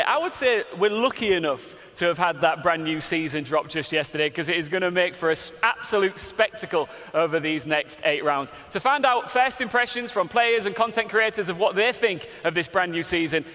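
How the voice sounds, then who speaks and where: A man's voice: high voice, brisk, few pauses, sharp tone. A man hosting a live esports broadcast in a large historic hall, upbeat and playful as he hypes the crowd. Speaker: event host. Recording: echoey hall with long reverb.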